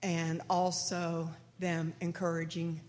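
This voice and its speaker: A woman in her eighties slowly recalling childhood memories of church, pausing to find names. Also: lowish voice, monotone, darkish tone. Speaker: church member sharing a memory. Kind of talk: slow personal reminiscence. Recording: echoey hall with faint noise.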